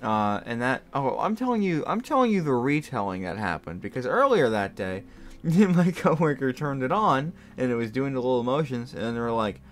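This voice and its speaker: A man's voice: medium pitch, sing-song, normal speed. A young man hosting a gaming video, telling a rambling story with lots of fillers and frequent laughter. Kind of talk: casual storytelling while playing a game.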